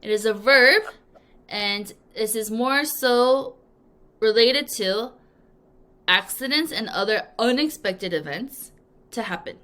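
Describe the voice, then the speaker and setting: A woman teaching an English vocabulary lesson, drilling words clearly with repeat-after-me prompts and acting out examples playfully. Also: a little high, slow, pushed and bright. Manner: playful, acts out example sentences. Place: language school in Korea.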